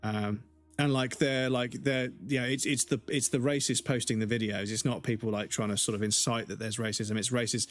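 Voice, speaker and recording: A male game streamer talks in an ordinary mid-pitched voice, ranting heatedly and swearing at nearly every turn. He keeps the casual, off-the-cuff flow of a live stream. Soft music plays faintly behind him. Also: steady tone, moderate pace. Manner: heated, profane, swears constantly.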